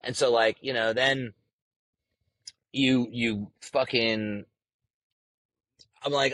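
A man's voice: mid-range voice, steady tone, extremely slow, pauses often, fairly bright tone, no echo, low-quality recording. A young man hosting a casual solo podcast, talking in a brash, profane and rambling way. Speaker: podcast host.

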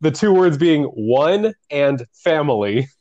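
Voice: mid-range voice, sing-song, slow pace, a little mellow, muffled recording. A co-host in a casual chat who rambles, hunts for words and jokes around. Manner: rambling, loses words, jokey. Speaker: podcast co-host.

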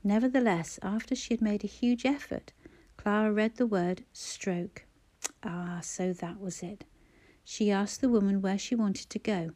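A woman reading a novel aloud in measured, scripted narration. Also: medium pitch, mellow. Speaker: audiobook narrator.

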